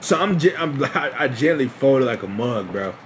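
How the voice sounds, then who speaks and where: A man's voice: mid-range voice, animated, moderate pace, slight background noise. A young man streaming a casual storytime, laughing often and restarting his sentences in slangy talk.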